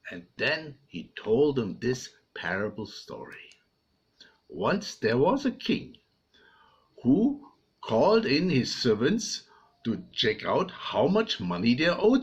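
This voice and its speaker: A man's voice: mid-range voice, husky, lo-fi sound. Older man telling children's Bible stories. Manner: animated, acts out the characters. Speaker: storyteller for children.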